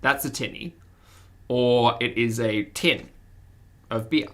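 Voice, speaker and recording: An Australian woman with a mild accent chats casually with her livestream viewers, reading the chat and laughing often. Her voice rumbles low, a bit bright, and she takes her time.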